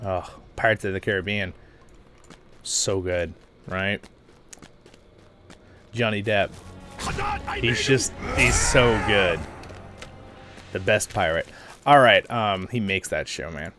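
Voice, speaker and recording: A man, host of a game voice-over channel, chatting casually and rambling while he plays, laughing often and swinging from quiet asides to loud bursts. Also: on the low side, slow, pauses often, faint music behind.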